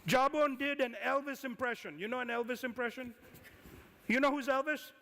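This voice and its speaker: A man giving a conference talk as an investor, lively and firing questions at the audience. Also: very high voice, moderate pace. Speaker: conference speaker, angel investor. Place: conference hall. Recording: reverberant hall.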